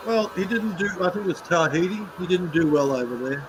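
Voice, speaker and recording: A man's voice: high voice, expressive, a little fast, noisy background. Blunt, sweary man ranting. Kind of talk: casual chat.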